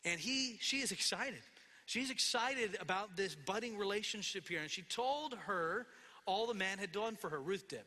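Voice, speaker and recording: A man's voice: high voice, animated, moderate pace, bright, forceful tone. A man preaching a sermon, explaining scripture verse by verse with asides and quoted lines. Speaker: pastor. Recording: long hall reverb.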